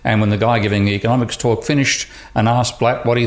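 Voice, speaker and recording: A man's voice: mid-range voice, steady tone, fast talker. A man, a professor who is a guest on a podcast, talking casually and telling anecdotes, with many restarts.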